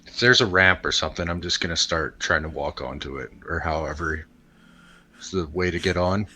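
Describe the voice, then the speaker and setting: A man playing a tabletop game, speaking in a deep, bright voice. He states his actions in a plain, matter-of-fact way. He sounds clear and direct. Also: fairly quick. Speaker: player.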